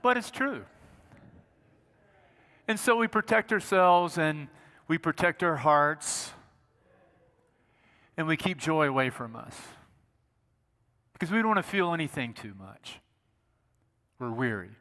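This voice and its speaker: Male pastor, chatty humorous sermon, high voice, reverberant church. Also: lively intonation, measured pace, long pauses, sharp tone. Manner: conversational, humorous storytelling. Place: church sanctuary.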